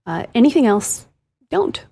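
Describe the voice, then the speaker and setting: Female co-host, husky and breathy, chatty and quick to laugh. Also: a little high. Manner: animated, giggly. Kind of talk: casual chat.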